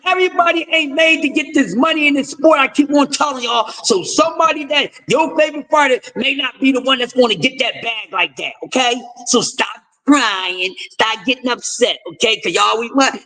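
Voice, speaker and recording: High, bright-voiced man ranting. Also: a little fast, hardly any pauses, low-quality recording. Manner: profane, confrontational, lecturing with repeated refrains. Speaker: host of a boxing talk stream. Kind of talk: ranting commentary.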